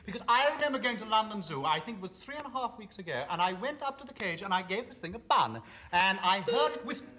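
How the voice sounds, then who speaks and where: A man's voice: high voice, animated, fast, pushed and bright. A man playing a radio panel game, playful and mock-genteel in his banter. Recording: hissy old radio recording with audience.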